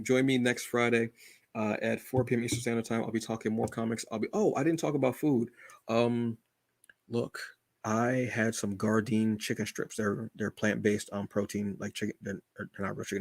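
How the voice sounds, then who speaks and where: Gravelly, rambling male streamer. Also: on the low side, no echo. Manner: rambling, self-deprecating, chatty. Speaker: channel host. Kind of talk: casual livestream chat.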